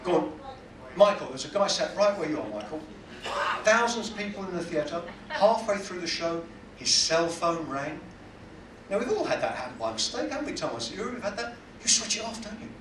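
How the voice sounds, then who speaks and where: A man's voice: sits high, sing-song, moderate pace, a bit bright, slight background noise. A man with a British accent doing stand-up comedy in a cruise ship cabaret lounge, self-deprecating and teasing the audience. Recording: echoey room, heard from a distance.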